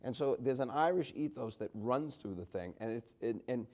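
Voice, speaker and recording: With an animated, slightly mellow medium-pitched voice at normal speed, this middle-aged Boston-area author and journalist tells stories at a book talk, often restarting sentences and slipping in wry remarks.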